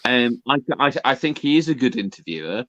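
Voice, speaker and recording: A man from the North of England, a podcast guest, speaking in a measured, defensive way in casual chat. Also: mid-range voice, sing-song, a bit bright, dry recording, lo-fi sound.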